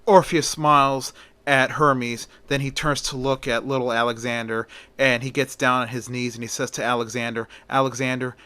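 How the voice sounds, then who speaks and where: Bright-voiced man retelling a story. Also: mid-range voice, flat delivery, normal speed, smooth, dry recording. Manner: casual, conversational narration with fillers.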